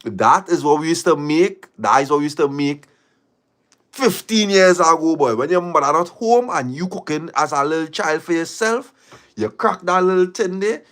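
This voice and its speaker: A man's voice: fairly high pitch, lively intonation, normal speed, fairly bright tone. A man hosting a livestream, reading viewer stories aloud and reacting with laughter and repeated phrases. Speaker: livestream host.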